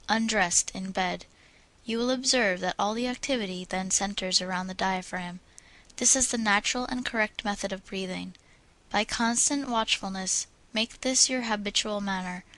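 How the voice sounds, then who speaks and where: A woman narrates an old public speaking manual in a measured, instructive tone. Her voice sits at an ordinary middle pitch, and she moves through vowel drills and breathing advice at an even pace. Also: rough recording. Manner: steady, instructive reading with drilled vowel examples. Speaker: audiobook reader.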